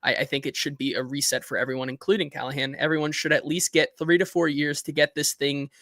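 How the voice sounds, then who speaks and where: A man hosting a sports talk show, chatting casually and reading out listener comments with animated energy. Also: fairly high pitch, fast talker, dry recording, studio quality. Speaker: host.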